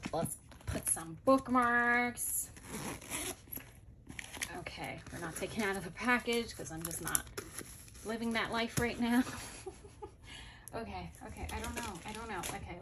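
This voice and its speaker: A woman's voice: medium pitch, noisy background. A woman chatting casually and gushing over planners as she shows them off, thinking aloud as she goes. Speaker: planner vlogger. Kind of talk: casual product haul chat.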